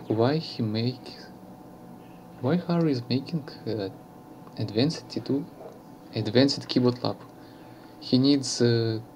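A man from Russia with a Russian accent, commentating a strategy game match in halting English with many fillers and self-corrections. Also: mid-range voice, darkish tone, slight background noise.

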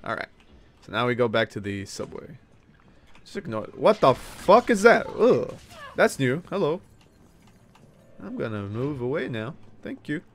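A man's voice: mid-range voice, unhurried, pauses often, a little hiss or hum. A man giving casual let's-play commentary, cheering, yelping and scolding game characters as he plays. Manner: excitable, yelps and cheers at the game. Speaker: gaming streamer.

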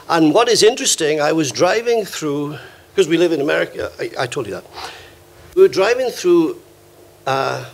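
A man's voice: a little high, a little hiss or hum. An older man from Wales preaching a sermon in a church, telling stories with quoted voices. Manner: storytelling, warm anecdotes with acted quotes. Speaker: visiting preacher. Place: church hall.

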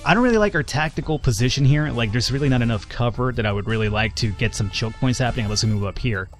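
While playing a strategy game, a man offers quick, jokey let's-play commentary for his gaming channel, reading the game's text out loud. His voice is medium in pitch, and faint music runs behind it.

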